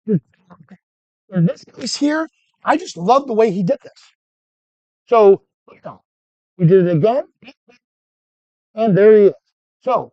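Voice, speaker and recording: A man teaching photography who tells animated, joking stories and keeps breaking off and restarting his sentences. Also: high-pitched, dry recording, muffled recording. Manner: animated anecdotes, self-interrupting, joking. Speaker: photography instructor. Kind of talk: storytelling during a workshop lesson.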